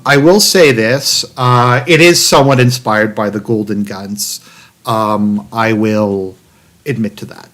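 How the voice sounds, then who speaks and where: A man hosting a political livestream reads an article aloud and breaks off into sarcastic asides. He rambles, restarts sentences, and fills pauses with ums. His voice sits at an ordinary middle pitch. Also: a bit bright. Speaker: political commentary streamer.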